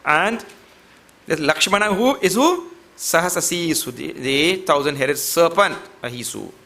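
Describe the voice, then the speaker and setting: A man's voice: fairly high pitch, animated, a little slow, gravelly, sharp tone. A man giving a devotional scripture lecture, chanting verses and explaining them with a playful, teasing manner toward his class.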